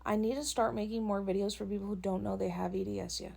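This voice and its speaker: A young woman talks straight into her phone in a casual vlog, venting with plenty of swearing. She tells stories with animated energy and breaks into laughter. Her voice sits in a middle pitch range. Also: fast talker, vocal fry. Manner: profane, animated storytelling with laughs. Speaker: content creator.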